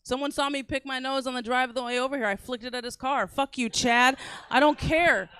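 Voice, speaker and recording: A woman's voice: sits high, steady tone, a little fast, a bit bright, clean tone, dry recording. A woman in her forties doing a brash, crude stand-up set on a comedy club stage, teasing the crowd.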